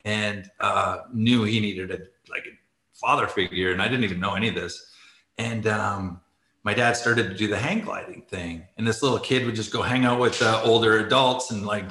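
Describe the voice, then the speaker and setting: A man's voice: fairly low pitch, sharp tone, roomy sound, poor audio. A middle-aged man, a former ice hockey player, telling stories as a guest in a casual video-call interview, rambling, full of "like" and laughing as he goes, tearful at moments. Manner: rambling, says "like" often, laughs while telling.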